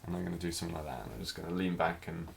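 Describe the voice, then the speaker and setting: A man teaching a live figure drawing class, talking through each stroke as he draws, in a relaxed, thinking-aloud way. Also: deep voice, racing, vocal fry, a little hiss or hum.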